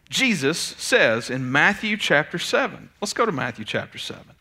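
A man, preaching a sermon in an animated, conversational way. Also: fairly high pitch, normal speed, few pauses. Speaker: pastor.

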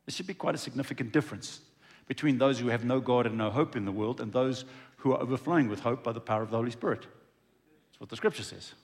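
A man's voice: mid-range voice, fast. A man preaching a conversational sermon in a church, acting out dialogue as he goes. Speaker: pastor.

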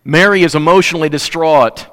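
Male pastor, high smooth voice, passionate preaching with hushed lows, reverberant sanctuary. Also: fairly quick. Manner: passionate, swings between loud emphatic peaks and hushed lows. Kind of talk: sermon. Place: church sanctuary. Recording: long hall reverb.

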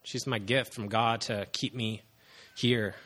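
A man in his thirties giving an earnest, halting personal testimony to a congregation, with frequent pauses and fillers. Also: on the low side, steady tone, fairly bright tone. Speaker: church member giving testimony.

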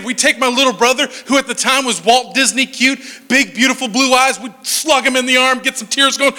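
A man in his forties telling comic stories on stage, animated and laughing through his punchlines. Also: very high voice, fairly quick, few pauses. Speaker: stand-up comedian. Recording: long hall reverb.

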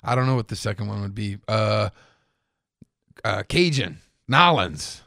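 A man's voice: lowish voice, normal speed, vocal fry, a bit bright, no room sound, studio quality. A man co-hosting a talk radio show, casually chiming in with short remarks.

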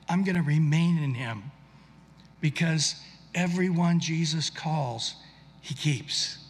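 In a big-room acoustic, a man with a high, husky voice delivers a sermon as pastor. His manner is sincere and conversational, and he frequently starts his sentences over.

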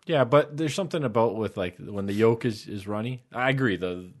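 A man's voice: on the low side, a little fast. A man co-hosting a casual podcast, arguing points and telling stories. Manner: chatty, argumentative, tells stories. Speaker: podcast co-host. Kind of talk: casual chat.

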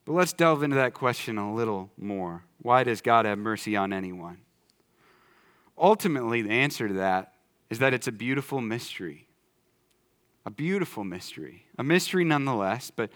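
Animated, conversational man preaching. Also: mid-range voice. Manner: conversational, animated, jumps between loud excitement and quiet emphasis. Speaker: pastor. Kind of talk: sermon. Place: church sanctuary.

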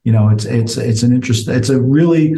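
A man's voice: medium pitch, brisk, dark tone. An older man, co-hosting a coaching chat, reflective and restarting his sentences. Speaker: co-host. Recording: echoey room.

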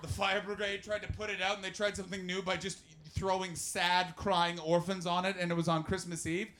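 A man doing stand-up comedy and chatting with the crowd. His delivery is animated and full of swearing, and he swings between shouting and muttering. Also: high voice, a little fast. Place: live comedy venue with audience.

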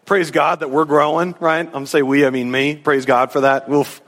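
A man in his thirties, a pastor, preaching a sermon in an animated way and briefly acting out the disciples in a casual voice. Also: on the high side, moderate pace. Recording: long hall reverb.

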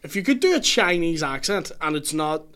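A young Northern Irish man talks bluntly and argues his points as a podcast guest. He swears freely, and his voice sits a bit higher than most men's. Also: big pitch swings, a little fast, a bit bright. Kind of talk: casual banter.

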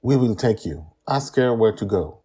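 Justin, a calm protector, as a man reads him. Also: moderate pace, husky. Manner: low, calming. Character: cautious man protector, trying to sound calming.

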